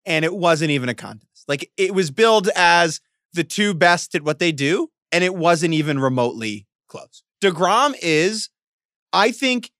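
A man's voice: on the high side, lively intonation, normal speed, a bit bright, no room sound, clean studio sound. A young man co-hosting a podcast in casual chat, enthusiastic and rambling, often restarting his sentences. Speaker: podcast co-host.

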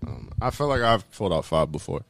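A man talking in casual chat, animated and swearing freely, acting out quotes with sudden jumps in pitch. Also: quick pace, creaky, no echo.

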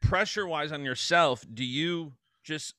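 A man hosting a casual interview, asking quick, upbeat questions. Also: a little high, sharp tone, no echo, clean studio sound. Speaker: podcast host.

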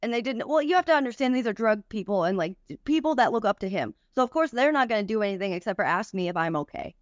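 A woman's voice: on the high side, animated, fast talker, no echo, clean studio sound. A young woman, a podcast guest, tells a personal story candidly, with frequent swearing and many "like" fillers.

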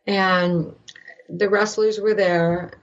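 An older woman from Canada, an actress guest, telling an animated story and acting out the voices of the people in it. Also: mid-range voice, extremely slow, lo-fi sound. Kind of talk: animated anecdote in a podcast interview.

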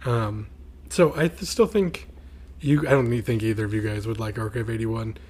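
A man's voice: on the low side, moderate pace, darkish tone. A married man co-hosting a podcast in casual chat, rambling with fillers and restarts. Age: adult, married. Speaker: podcast co-host.

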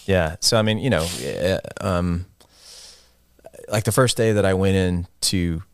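A man's voice: low voice, measured pace, clean tone, no room sound. A middle-aged man, a guest musician, telling rambling, self-deprecating stories in a casual interview and laughing often.

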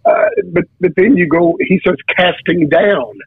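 A man's voice: high-pitched, normal speed, husky, no echo. A man, a preacher, telling his testimony in casual talk, with frequent restarts and repeated words. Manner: storytelling, many restarts and stammered repeats. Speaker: preacher guest. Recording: tinny phone line.

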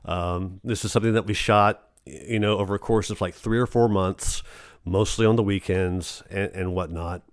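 A man's voice: low-pitched, fairly even intonation, normal speed, no echo, clean studio sound. A man, an actor telling stories in a casual interview, rambling with many restarts and fillers.

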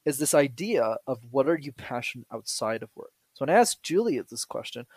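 A man speaking as a podcast guest, telling lively stories and acting out the voices of people he quotes. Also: medium pitch, a little fast, husky, dry recording. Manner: animated storyteller who acts out quoted voices. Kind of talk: conversational podcast interview.

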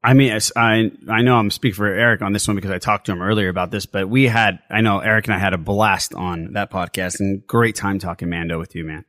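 A man's voice: on the low side, steady tone, quick pace, few pauses, fairly bright tone, no echo, clean studio sound. A man hosting a casual podcast chat, upbeat and effusive, joking with his guests. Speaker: podcast host.

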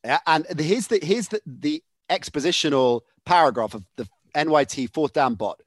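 A man's voice: fairly high pitch, moderate pace, no room sound. A man hosting a casual podcast, chatty and often laughing. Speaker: podcast host.

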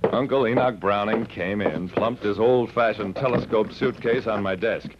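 In 1940s-style radio acting, a man plays a wry private detective narrating his own case, dry in tone but lively in delivery. His voice is on the low side, at normal speed and lightly acted. The vintage radio recording sounds dull, with a faint hiss.

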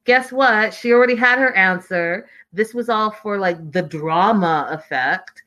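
A woman's voice: mid-range voice, unhurried, pushed and bright. A woman giving a casual, opinionated recap of a reality TV show, stressing points by repeating words.

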